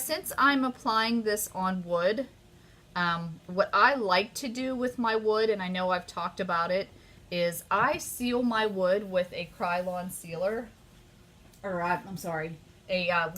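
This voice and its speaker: Woman host, casual live craft demo, bright tone, eager and effusive. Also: medium pitch, unhurried. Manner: chatty and easily excited, gushing. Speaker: craft demonstrator hosting a live stream.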